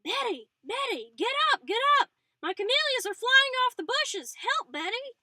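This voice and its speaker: A woman voicing a frantic old woman who screams for her daughter in a shrill, high voice. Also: very animated, normal speed, sharp tone, no room sound, clean studio sound, far from the mic, exaggerated voice.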